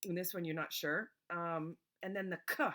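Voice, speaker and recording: A woman teacher giving a remote reading lesson to young children, patiently sounding words out slowly letter by letter. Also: on the low side, steady tone, sharp tone.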